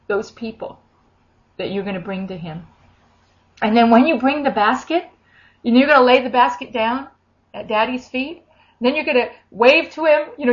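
Animated woman leading a charismatic prayer. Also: fairly high pitch. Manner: animated, breaks into tongues and acted quotes. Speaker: prayer minister. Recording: dull lo-fi recording.

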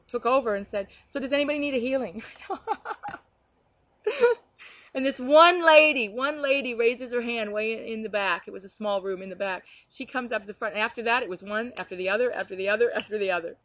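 Woman sharing heartfelt faith stories, kinda high voice, muffled lo-fi sound. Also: a little fast, no echo. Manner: heartfelt, animated storytelling, many restarts. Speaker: guest sharing ministry stories. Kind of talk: earnest conversational testimony.

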